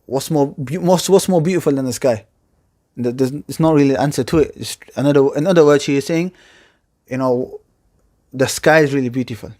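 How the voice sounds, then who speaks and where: Man teaching Arabic grammar, fairly high voice. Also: a little mellow. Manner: explains step by step, reciting Arabic verse quickly between English explanations. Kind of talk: classroom lecture.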